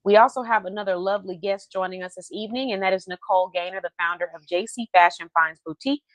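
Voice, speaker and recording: A woman hosting a livestream from home, chatty and quick to laugh, talking over a video call. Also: medium pitch, no room sound. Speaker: livestream host. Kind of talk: casual chat.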